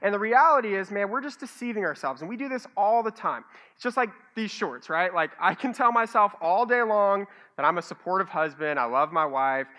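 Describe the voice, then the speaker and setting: A man preaching a sermon as a pastor, telling stories with animated, self-mocking humor. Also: high voice, brisk, few pauses. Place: church stage.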